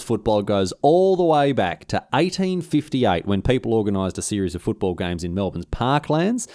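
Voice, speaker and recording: Wry Australian man with a lowish voice. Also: big pitch swings, moderate pace, few pauses, darkish tone, dry recording, clean studio sound. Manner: wry, joking, stumbles and restarts. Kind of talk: casual history explainer.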